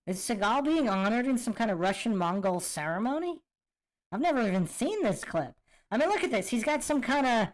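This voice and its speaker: A woman hosting a podcast, reacting to clips with incredulous rhetorical questions. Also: fairly high pitch. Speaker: podcast host. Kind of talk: reaction commentary.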